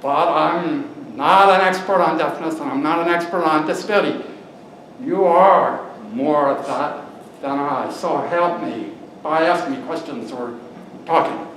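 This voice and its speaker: A man in his later years speaks in a high voice, slow and deliberate, leaning on key words with earnest emphasis. He is addressing a large conference room, and the sound bounces around the very echoey space with a little noise underneath. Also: fairly bright tone. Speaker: keynote speaker. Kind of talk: conference speech.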